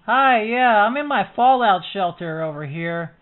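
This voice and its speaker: A man's voice: sits high, expressive, a little slow. A man making a prank call in a mock-earnest, innocent tone. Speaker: prank caller. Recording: tinny phone line.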